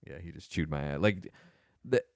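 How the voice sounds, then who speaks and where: A man co-hosting a casual podcast, telling stories with lots of swearing and animated quoted voices. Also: low voice, fast, clear, resonant tone, dry recording, studio quality. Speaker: podcast co-host, former Marine. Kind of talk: casual storytelling chat.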